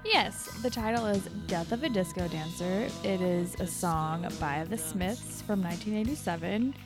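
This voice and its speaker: A woman's voice: fairly low pitch, moderate pace, music in the background. A young woman co-hosting a casual podcast chat, laughing often and filling her talk with "like". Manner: laughs often, lots of fillers like "like". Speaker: podcast co-host.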